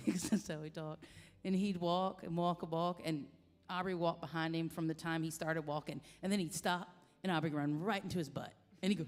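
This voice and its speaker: A woman in her forties, a singer-songwriter, telling a personal story in a halting, heartfelt way with many restarts. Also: lowish voice. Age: 40s. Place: coffee shop. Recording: long reverb, echoey room.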